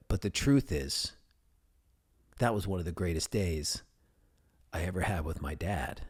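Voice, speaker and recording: A man hosting a podcast, telling personal stories in a casual, animated way and acting out the voices of the people in them. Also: deep voice, unhurried, long pauses, slightly rough. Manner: animated, acts out quoted voices. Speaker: podcast host.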